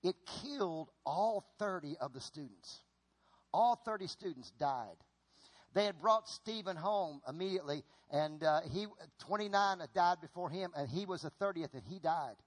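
Male preacher, middle-aged, high voice, animated folksy delivery, repeats phrases. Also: normal speed. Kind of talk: sermon with stage demonstration.

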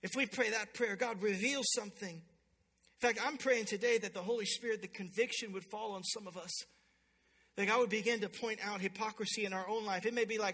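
Male pastor, very high and bright, emphatic storytelling sermon, long hall reverb. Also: fairly even intonation, quick pace. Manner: storytelling preacher, builds to loud emphatic peaks.

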